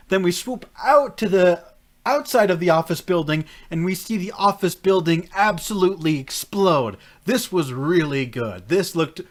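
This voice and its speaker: A man reviews anime and tokusatsu with casual reaction commentary, his voice sitting high. He's jokey and animated, laughing often and mock-scolding the characters.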